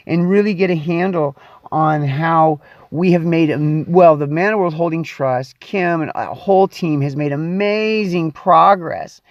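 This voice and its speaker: A man's voice: high-pitched, no echo, muffled recording. A man hosting his own show in a casual, playful monologue, stretching words out for dramatic effect. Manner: playful and theatrical, with drawn-out emphasis. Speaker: show host.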